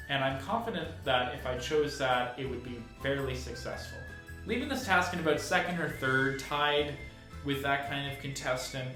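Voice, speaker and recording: A man's voice: mid-range voice, a bit bright. Chatty young man in an echoey room. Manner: chatty, laughs often. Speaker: recap video host. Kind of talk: casual recap commentary.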